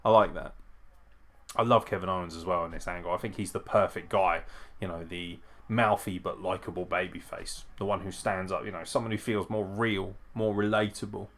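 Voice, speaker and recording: A man's voice: sits low, steady tone, normal speed, a bit bright. A man hosting a live watch-along, reacting casually and profanely, often chuckling as he comments. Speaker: wrestling show host.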